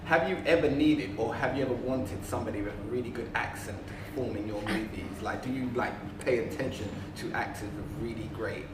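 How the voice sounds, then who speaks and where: A man's voice: medium pitch, fairly quick, hardly any pauses, roomy sound, far from the mic, very noisy. A man interviewing casually, joking and teasing.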